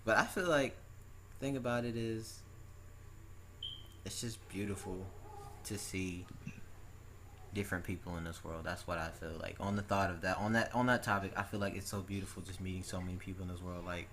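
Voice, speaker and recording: Young guy hosting, bright tone, rambles n restarts, bit of background hiss. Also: deep voice, steady tone, moderate pace, pauses often. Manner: loose, rambling storytelling with restarts. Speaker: interview host. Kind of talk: casual chat.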